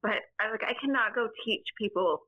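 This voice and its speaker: A woman's voice: a little high, quick pace, no room sound, lo-fi sound. A woman from Kentucky with a faint Southern accent, a podcast guest chatting casually and poking fun at herself. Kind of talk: casual chat.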